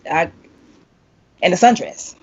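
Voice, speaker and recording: A woman hosting a podcast, telling a lively story in casual chat and acting out quotes with big jumps in pitch. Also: slow. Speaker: podcast host, vocal coach. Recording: slightly muffled lo-fi sound.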